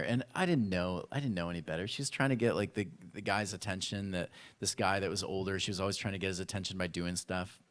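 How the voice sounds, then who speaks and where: A male pastor telling a personal story in a sermon, acting out voices from his childhood with lively animation. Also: lowish voice. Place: church.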